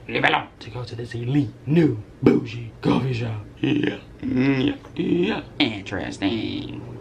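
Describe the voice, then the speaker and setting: A woman's voice: lowish voice, fairly bright tone, slight background noise. A young woman, chatting casually in a rambling, slangy way while a little out of breath. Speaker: vlogger. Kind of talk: casual vlog chat.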